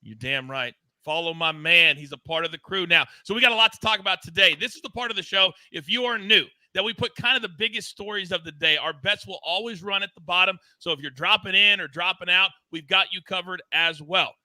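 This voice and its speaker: A man's voice: high voice, brisk, hardly any pauses, pushed and bright, no echo. A man hosting a sports betting show, talking in hyped, emphatic banter and repeating phrases for effect. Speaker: show host.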